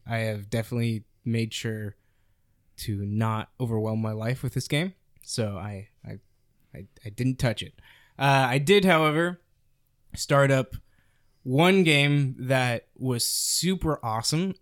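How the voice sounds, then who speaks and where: A young man casually chatting about video games as a podcast co-host, rambling and animated with lots of fillers. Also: medium pitch, no echo, clean studio sound.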